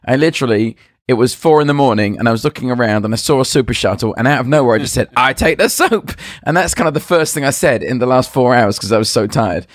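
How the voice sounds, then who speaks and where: A man guesting on a casual podcast, telling a long story in a rambling, hesitant way, full of pauses and restarts. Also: medium pitch, no room sound, clean studio sound. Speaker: guest magician.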